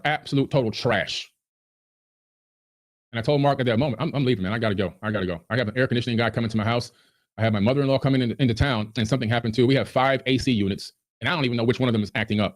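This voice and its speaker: Man, podcast guest, talks very fast, heated and indignant, mid pitch. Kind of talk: agitated podcast rant.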